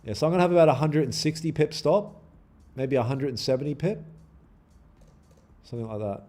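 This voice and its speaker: His medium-pitched voice is warm and a little fast. He runs a day-trading livestream, keeping it casual with viewers, swearing liberally, joking and pleading with chat and answering back to the market.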